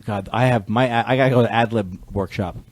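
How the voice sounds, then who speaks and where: A man's voice: lowish voice, a little fast. A man, a comedian guest on a podcast, riffing in a sarcastic, rambling way and slipping into mock impressions. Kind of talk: casual comedy chat. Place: podcast studio.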